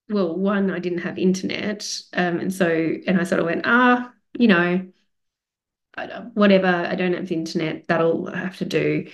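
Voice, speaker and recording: A woman's voice: lowish voice, a little mellow. A middle-aged woman from Australia with an Australian accent, telling a casual travel story as a podcast host, chatty and rambling with many fillers.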